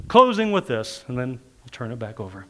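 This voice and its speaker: A man's voice: mid-range voice, moderate pace. A man preaching a sermon, telling stories and acting out the people in them, often laughing as he talks. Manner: animated, acts out quoted people, laughs while preaching. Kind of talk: sermon storytelling.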